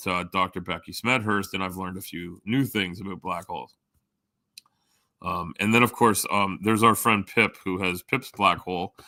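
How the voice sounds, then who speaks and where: A middle-aged man hosts a livestream, chatting with viewers in a loose, rambling way full of ums and restarts. His voice sits on the low side but comes across bright and sharp. The sound is dry and close. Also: no room sound. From Canada. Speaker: livestream host. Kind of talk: casual chat with live viewers.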